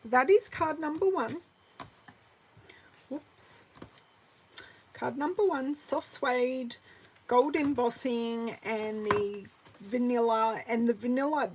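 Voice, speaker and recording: This Australian craft demonstrator, a woman in her forties, has a husky voice on the high side, captured in poor audio. Chatting through her live card-making class, she addresses viewers by name and softly mutters to herself as she goes.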